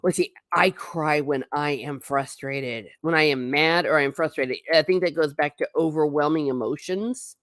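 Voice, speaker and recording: A woman's voice: low-pitched, moderate pace, hardly any pauses, no echo. Chatty woman with a dry close sound. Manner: rambling, chatty, reacts to chat with laughs. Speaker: livestream host reading chat. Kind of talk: casual livestream chat.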